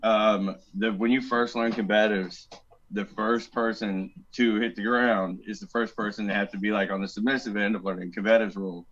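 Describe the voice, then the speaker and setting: Podcast guest, male veteran, animated storyteller who curses freely and imitates voices, on slightly dull audio. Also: lowish voice, normal speed. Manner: animated, swears a lot, acts out quoted voices. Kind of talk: casual storytelling.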